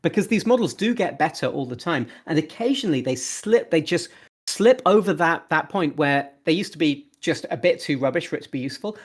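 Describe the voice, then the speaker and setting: A man's voice: a little high, husky. A man speaking as a podcast guest, talking enthusiastically and often repeating words as he restarts sentences. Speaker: podcast guest, open source developer. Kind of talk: casual interview talk.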